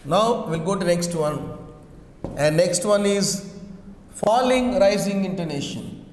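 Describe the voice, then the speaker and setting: A man teaching a class, slowly repeating key phrases, with fillers when he hesitates. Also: high voice, animated, a little mellow, slight background noise. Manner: slow, repetitive, with hesitant fillers. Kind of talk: classroom lecture. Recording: echoey room with long reverb.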